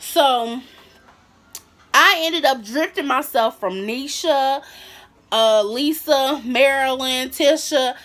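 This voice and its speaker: A young woman telling a casual storytime on her vlog, with a high, bright voice. She is animated and slips into the voices of the people she quotes. Her tone is lively and personal. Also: slow pace. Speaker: vlogger.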